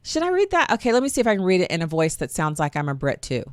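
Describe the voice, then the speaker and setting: A woman's voice: lowish voice, huge pitch swings, rapid-fire, no room sound, clean studio sound. A middle-aged woman hosting a talk radio show, chatty and sarcastic with folksy asides. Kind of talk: opinionated talk radio monologue.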